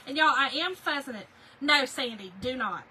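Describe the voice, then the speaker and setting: A woman's voice: high voice, lively intonation, moderate pace, sharp tone, a little hiss or hum, rough recording. A middle-aged woman, chatting folksily while she crafts, laughing often and answering viewer comments. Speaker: craft livestream host. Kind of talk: casual livestream chat while crafting.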